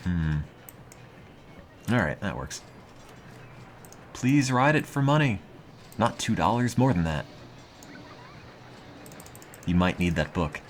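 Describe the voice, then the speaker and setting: Low-voiced guy streaming, deadpan and self-mocking, pitch jumps around a lot. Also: slow pace, long pauses, slight background noise. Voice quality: deadpan monotone delivery. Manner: dry, self-mocking, reads passages aloud. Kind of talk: casual live-stream chat.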